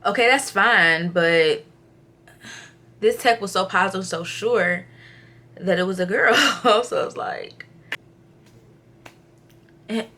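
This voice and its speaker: A young woman vlogs to the camera, casually retelling an ultrasound visit and acting out what others said, at times subdued and low in energy. She takes it slowly with long pauses, her animated account heavy with fillers.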